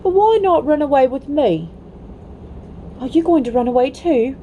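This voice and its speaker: A woman voicing an eager, timid young boy in a storybook read-aloud, pitched up and hesitant. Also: expressive, normal speed, dark tone, dull audio, a little hiss or hum. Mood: eager, nervous.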